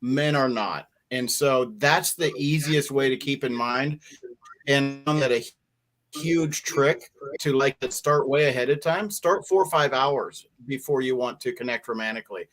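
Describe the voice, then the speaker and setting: A man's voice: mid-range voice, measured pace, a bit bright. A man on a discussion panel giving frank, practical advice.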